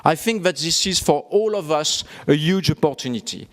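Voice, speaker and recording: A man with a fairly high voice delivers prepared remarks at a conference. He speaks in a measured way and steps through figures and trends. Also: animated. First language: French. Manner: measured, listing facts and figures. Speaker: keynote speaker. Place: conference hall.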